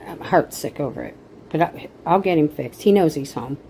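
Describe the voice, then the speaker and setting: A woman's voice: sits low, expressive, moderate pace, warm tone, slight background noise, poor audio. A middle-aged woman vlogging at home on her phone, chatting casually, rambling, emotional and indignant. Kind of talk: casual chat to camera.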